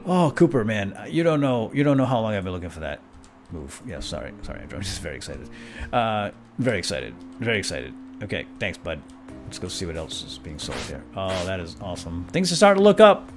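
A man giving excitable, chatty gameplay commentary, talking back to game characters as he plays. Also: deep voice, fairly quick, soft background music. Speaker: let's play host.

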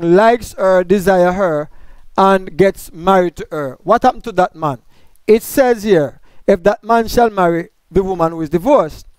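A man's voice: sits high, smooth, no echo. A man teaching a Bible study, explaining grammar point by point and asking questions that he answers himself.

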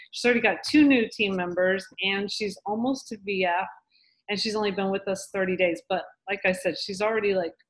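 A woman's voice: medium pitch, fairly bright tone, low-quality recording. A woman hosting a team video call, introducing speakers with upbeat praise. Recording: faint background noise.

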